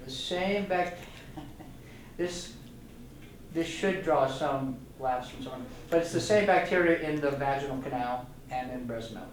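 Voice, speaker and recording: A man's voice: medium pitch, measured pace, slight background noise. An older man, a retired doctor, giving an enthusiastic, rambling informal lecture to a club audience and joking with them. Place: meeting room. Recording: echoey room, voice from a distant mic.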